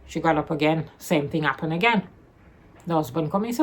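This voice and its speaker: Woman, low voice, casual book chat, rambling, self-correcting. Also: fast, slight background noise. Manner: rambling, self-correcting, retells the plot loosely. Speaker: book reviewer.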